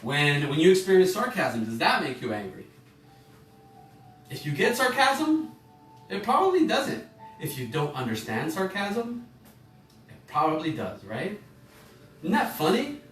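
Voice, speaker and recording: A man leads an online class on emotions in a loose, rambling way, correcting himself mid-sentence and asking his listeners questions. His voice sits a little high and comes from some distance off the mic. The room is echoey, with faint music playing underneath. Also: big pitch swings, unhurried, pauses often, fairly bright tone. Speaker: emotional intelligence course teacher. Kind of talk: informal online class talk.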